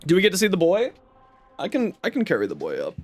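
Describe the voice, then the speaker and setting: A man's voice: high-pitched, wildly swooping pitch, quick pace, darkish tone, dry recording. A man streaming a video game live, chatting casually and playfully with his viewers. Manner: playful, joking, chatty with chat.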